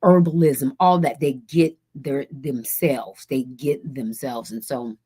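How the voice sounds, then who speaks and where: A woman's voice: takes it slowly, breathy edge. A woman guest on a radio talk show, telling a story casually with many restarts and acting out other people's voices. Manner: animated, acts out quoted voices with big pitch jumps; rambling with frequent restarts.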